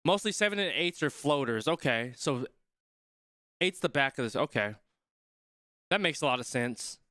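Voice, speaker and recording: A man's voice: medium pitch, expressive, moderate pace, pushed and bright, no echo, clean studio sound. A young man watching a rugby match live and chatting along, reading viewers' comments and thinking aloud, often trailing off mid-sentence. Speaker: streamer reacting to a rugby match.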